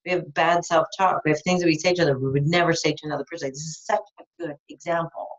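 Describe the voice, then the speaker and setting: Woman life coach, lower register, upbeat and blunt with casual swearing, dull lo-fi call audio. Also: fairly even intonation, quick pace. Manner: enthusiastic, frank, swears casually. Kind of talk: live coaching call, answering a listener's question. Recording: dull lo-fi recording.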